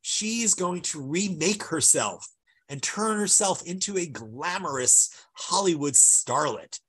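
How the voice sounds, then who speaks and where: Male lecturer, fairly high husky voice, emphatic and discursive, walks through slides. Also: animated, measured pace, a bit bright. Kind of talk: illustrated lecture talking over slides.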